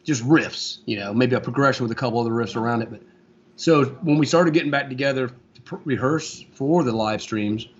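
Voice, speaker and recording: A man in his forties from Florida, a guest guitarist in a casual interview, talking in a relaxed, rambling way with lots of fillers. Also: mid-range voice, fairly quick, breathy edge. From Florida, USA. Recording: dull lo-fi sound.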